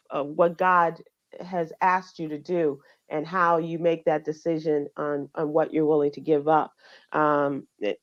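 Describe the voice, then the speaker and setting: A woman's voice: sits low, dull audio. A middle-aged woman hosting a radio show, going over the news in casual chat and talking with fillers and restarts. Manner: conversational, halting with fillers.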